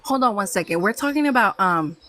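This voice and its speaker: A woman's voice: medium pitch, lively intonation, fairly quick, fairly bright tone. A woman in her thirties chatting earnestly on a live panel, stacking emphatic repeated phrases. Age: 30s. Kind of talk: casual chat on a live panel.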